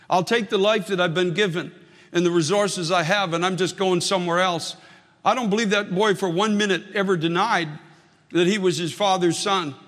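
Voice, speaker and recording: A man's voice: high voice, fairly bright tone, big-room sound. An older man preaching a sermon as a pastor, earnest and emphatic, leaning on repeated phrases.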